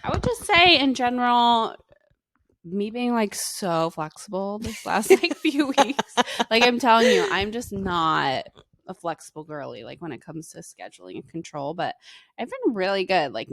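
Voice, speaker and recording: A young woman co-hosting a casual mom podcast, telling animated stories. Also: mid-range voice, moderate pace, dry recording, clean studio sound. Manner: animated storyteller, laughs through her own tales. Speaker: podcast co-host. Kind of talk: casual chat.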